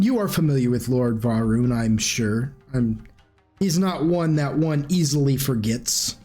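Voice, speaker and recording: A man's voice: on the high side, measured pace, a little mellow, faint music behind. A man running a tabletop game as game master, narrating in a rambling, informal way with restarts. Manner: rambling, informal, frequent restarts and clearing throat.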